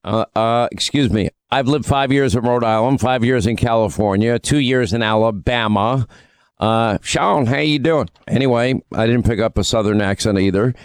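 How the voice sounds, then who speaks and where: A man's voice: mid-range voice, moderate pace, smooth, dry recording. Talk radio co-host, man from New York, opinionated and chatty, dry close studio sound. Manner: chatty, opinionated, with frequent fillers. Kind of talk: talk radio banter and commentary.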